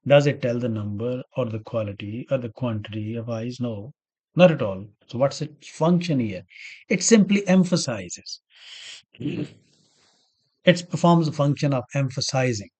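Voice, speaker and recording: A male grammar teacher with a medium-pitched, darkish voice and a breathy edge lectures a little slowly. He goes through example sentences step by step, repeats key words, and asks himself questions before answering them.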